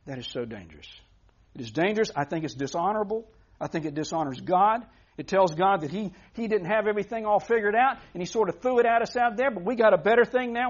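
A man's voice: high-pitched, expressive, quick pace. A man preaching a sermon as pastor, earnest and emphatic, often restarting phrases. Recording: dull lo-fi recording.

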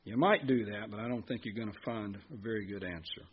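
A man's voice: lowish voice, brisk, breathy edge, muffled recording. A man preaching a sermon in a conversational way, asking the congregation questions.

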